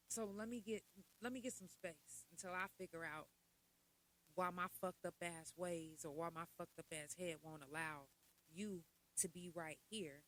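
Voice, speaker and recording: A woman hosting a podcast, talking candidly and casually about mental health, sometimes loud and laughing, sometimes low and quiet. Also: slight background noise, rough recording. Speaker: podcast host.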